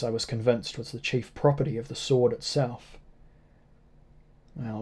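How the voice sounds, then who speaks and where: A man narrates a novel in a steady, measured reading. His voice is mellow and dark, and it stays on a narrow, level line of pitch. The delivery is sombre and unhurried. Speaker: audiobook narrator. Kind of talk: scripted first-person narration.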